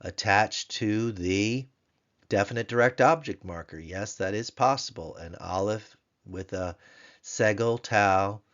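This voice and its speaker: A man teaching a grammar lesson, patiently spelling words out slowly and repeating them. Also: lowish voice, fairly bright tone, lo-fi sound.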